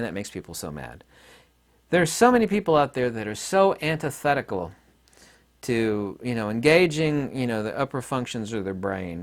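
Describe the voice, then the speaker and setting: Middle-aged male commentator, blunt and combative, animated pitch, mocking asides. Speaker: online commentator. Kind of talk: opinionated monologue.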